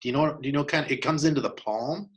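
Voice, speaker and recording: A man, co-hosting a podcast, telling a hunting story in an animated way with many restarts. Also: on the high side, rapid-fire, poor audio. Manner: animated, acts out quoted dialogue, many restarts. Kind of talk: casual storytelling chat.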